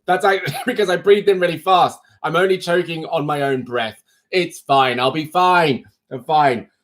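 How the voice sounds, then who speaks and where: Male live-stream host with a slightly high voice, rambling and self-mocking at his home desk. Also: moderate pace, a bit bright. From United Kingdom. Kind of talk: casual live-stream chat. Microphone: phone.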